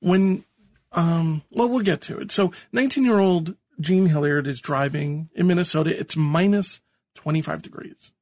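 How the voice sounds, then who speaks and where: A man's voice: a little high, moderate pace, a little mellow, no echo. A man co-hosting a podcast in casual chat, hesitant, with many ums and laughs at himself. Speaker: podcast co-host.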